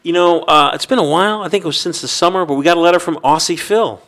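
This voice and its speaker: A man's voice: fairly high pitch, a bit bright. A man from New York City hosting a casual podcast chat and reading listener mail aloud. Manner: talks fast, reads listener letters aloud. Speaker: podcast host.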